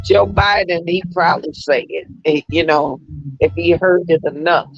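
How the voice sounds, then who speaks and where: A woman's voice: lowish voice, moderate pace, gravelly, no room sound. A woman speaking as a panelist, hesitant, restarting her sentences and drawing words out. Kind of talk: casual chat. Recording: dull, dry audio with faint music behind.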